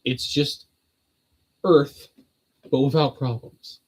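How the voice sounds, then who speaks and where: Host, man, casual religious teaching at home, sardonic jokes, middle pitch. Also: fairly even intonation, slow pace, breathy edge, rough recording. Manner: joking, sardonic asides. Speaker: host of a Bible teaching channel.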